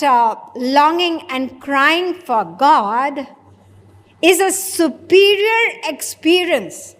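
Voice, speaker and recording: A woman serving as a spiritual teacher gives a sermon, asking her audience questions and acting out brief exchanges. Her voice is high and a bit bright, and long reverb follows each phrase as though she's in a large hall.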